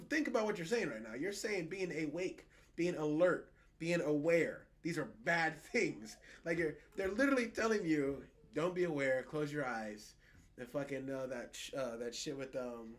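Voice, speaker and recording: Animated, swearing man on a podcast. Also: fairly high pitch. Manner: animated, profane, mocking quoted voices. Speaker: podcast co-host. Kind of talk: casual political chat.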